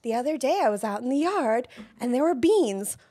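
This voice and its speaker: A woman tells a story on a casual podcast, her voice high and bright. Her pitch leaps around as she acts out the lines of the people in it. She laughs often and keeps the tone relaxed. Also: brisk, husky. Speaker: podcast host. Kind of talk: casual chat.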